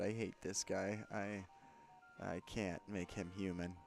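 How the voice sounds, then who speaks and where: Man doing sarcastic game commentary, low voice, slow pace, faint music. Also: fairly even intonation, creaky. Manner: wry, sarcastic asides. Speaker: let's play commentator.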